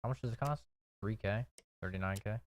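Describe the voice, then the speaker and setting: A man's voice: on the low side, a little fast, very noisy. A young adult man casually commentating a video game, swearing freely and reading on-screen text. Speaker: streamer.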